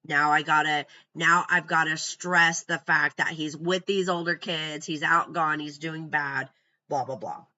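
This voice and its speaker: Bright-voiced blunt true crime commentator. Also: medium pitch, steady tone, measured pace, muffled recording. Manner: blunt, profane, scornful asides. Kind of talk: casual commentary reading from notes.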